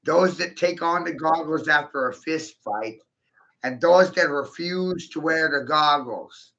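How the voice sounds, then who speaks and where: Brief: man, slow gravelly ranter, cursing and combative, dull lo-fi sound. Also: on the high side. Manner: profane, aggressive, repetitive, shouting bursts. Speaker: monologuing video host. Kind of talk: ranting monologue to camera. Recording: dull lo-fi recording.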